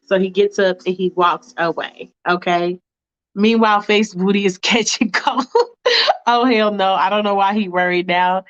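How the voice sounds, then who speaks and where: A woman's voice: medium pitch, fairly even intonation, normal speed. Chatty woman telling a storytime. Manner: chatty, laughing asides, slangy commentary. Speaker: storyteller and show host. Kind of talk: casual fanfiction storytime. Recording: dull lo-fi recording.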